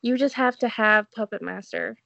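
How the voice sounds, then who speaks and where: A woman's voice: on the high side, moderate pace, creaky, sharp tone, dry recording, lo-fi sound. A woman with a Southern US accent co-hosting a casual film podcast, laughing often with dry humor. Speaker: podcast co-host. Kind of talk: casual film review chat.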